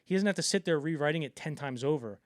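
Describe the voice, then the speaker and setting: He's a film podcast co-host whose fairly high voice moves fast with lively intonation. In casual conversation he rambles, uses many fillers, and acts out the lines he retells.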